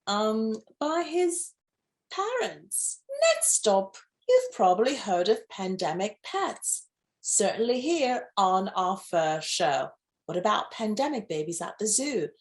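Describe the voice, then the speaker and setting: Woman, news host, campy and gushing, unhurried delivery, very animated intonation. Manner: campy, gushing asides with sudden high squeals. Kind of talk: playful pet news anchoring.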